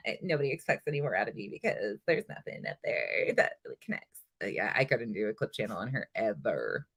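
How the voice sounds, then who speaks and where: A woman's voice: extremely low pitch, very animated, fast, a bit bright. A woman hosting a casual livestream, talking bluntly and with exasperation, swearing freely and chatting with her viewers. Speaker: livestream host.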